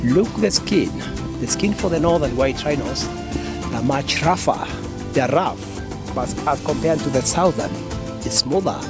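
A man, an animal keeper, explaining outdoors in a halting way with fillers and repeats. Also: on the high side, animated, loud music behind the voice. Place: outdoor wildlife enclosure.

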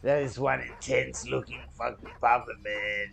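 A man hosting a reaction video, talking casually and excitably and swearing freely as he comments. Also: mid-range voice, moderate pace, creaky.

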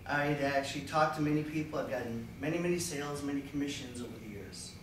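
A man giving a jokey talk on sales to a live audience, lively and slipping into silly voices. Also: mid-range voice, fast. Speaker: sales speaker. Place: room with an audience. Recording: echoey room from a distance, faint noise.

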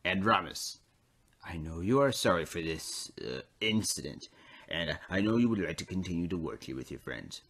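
A man voicing a stout railway boss in a toy train story who speaks quietly and measured, with pauses. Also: low-pitched, big pitch swings, slightly rough, voice pushed down, full character voice. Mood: stern.

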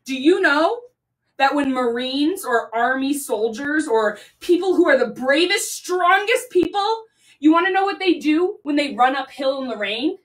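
A woman's voice: high voice, lively intonation, unhurried. A young woman leading a children's yoga class at home, coaxing and sing-song. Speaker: kids' yoga teacher. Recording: voice a bit far from the mic.

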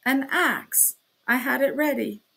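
A woman reading the part of a pale young male workman who speaks in breathless, fairly loud declarations. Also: high-pitched, slow pace, vocal fry, husky, exaggerated voice. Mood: blunt.

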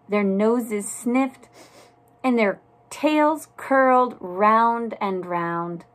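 A woman reading a children's storybook aloud in a soft, deliberate narrating voice. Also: medium pitch. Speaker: storybook reader.

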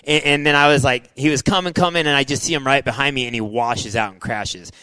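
A middle-aged man spins stories from his racing days with restless energy, tossing "dude" and "like" into almost every line. His voice sits at an ordinary pitch. The recording is dry and close, with no room sound around it. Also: fairly quick, clear, resonant tone, dry recording, low-quality recording. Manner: excitable, says "dude" and "like" a lot, acts out his own past thoughts. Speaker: interview guest, former motocross racer. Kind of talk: animated storytelling in casual interview.

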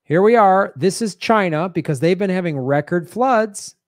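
A man in the middle of a heated political commentary, sarcastic and indignant. His voice sits at an ordinary pitch and lurches between loud jabs and low muttered asides. The sound is dry and close, with no room around it. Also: lively intonation, normal speed, no room sound. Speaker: show host.

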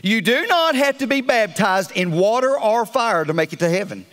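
A man preaching a fiery sermon as pastor, swinging between loud calls and hushed asides. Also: high voice, expressive, normal speed.

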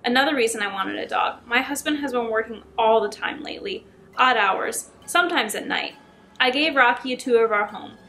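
A woman YouTuber reading short scary stories aloud in a chatty, expressive way. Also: on the high side, fairly quick. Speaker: YouTube storyteller.

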